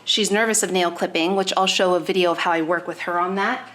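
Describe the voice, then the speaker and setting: A young pet vlogger at home explains her dogs' morning care while doing chores, chatting casually and sometimes baby-talking her dogs. Her voice is fairly low and steady, her pace fairly quick, with background noise present.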